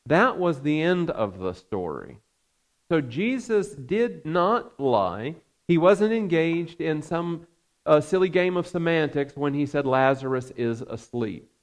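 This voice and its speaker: A man preaching a sermon as pastor, earnest and measured, with frequent fillers. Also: fairly high pitch, animated.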